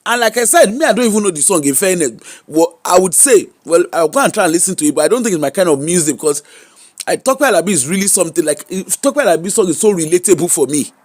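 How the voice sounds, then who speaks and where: A woman's voice: on the low side, animated, fast, darkish tone. Exclamatory Nigerian woman gossip host. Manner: exclamatory, mixes Pidgin and Yoruba into English. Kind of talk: casual celebrity gossip commentary.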